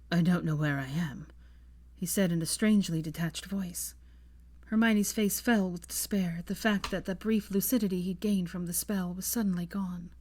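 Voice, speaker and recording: A woman reading fan fiction aloud in a soft, gentle narration. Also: on the low side.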